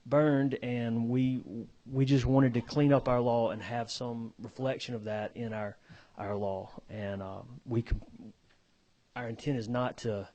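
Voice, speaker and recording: A man giving committee testimony as an auctioneer, halting and repeating words as he explains. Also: medium pitch, dark tone.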